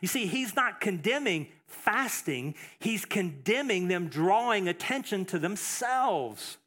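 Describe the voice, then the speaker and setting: Guy preaching a sermon, pretty high voice, punchy, says stuff twice, lots of uh and restarts. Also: very animated, slow pace, a bit bright. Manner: emphatic, repeats phrases, many fillers and restarts. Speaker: pastor.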